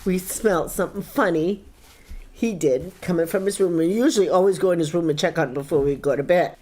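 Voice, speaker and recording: Woman telling a family story, animated. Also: lowish voice, normal speed. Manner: animated storytelling, acts out voices in quotes. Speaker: bereaved mother. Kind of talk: emotional interview recollection.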